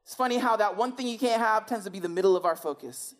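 A woman's voice: medium pitch, quick pace. A woman preaching a sermon in a conversational, emphatic way, often asking rhetorical questions.

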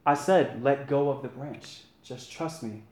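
A man voicing God as a calm, patient presence, speaking softly and low in a roomy space. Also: close to an everyday voice. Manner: slow, soft, low and gentle.

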